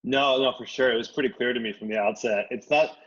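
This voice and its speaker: A man who grew up in the United States, a guest attorney telling his story in a friendly, relaxed way with plenty of ums. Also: medium pitch, fast. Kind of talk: casual interview chat. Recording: dull lo-fi audio.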